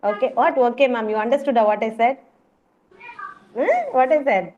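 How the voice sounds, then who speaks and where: A woman's slightly high voice, at normal speed and with an Indian English accent, comes through muffled online call audio. She is a preschool teacher conducting a class by video call and cheering the children on with repeated call-outs.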